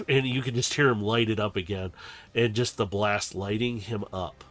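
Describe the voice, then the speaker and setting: A man narrating a tabletop game as game master, in a loose, chatty, animated way. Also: fairly low pitch, normal speed, soft background music.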